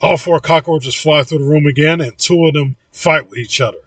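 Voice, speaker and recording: A man reading his own audiobook in an even, low-key narration. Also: normal speed, husky, dry recording, distant mic, poor audio.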